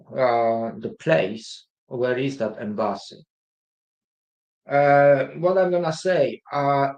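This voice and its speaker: Male guest, mid pitch, halting delivery with many fillers, roomy echo. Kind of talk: casual livestream chat.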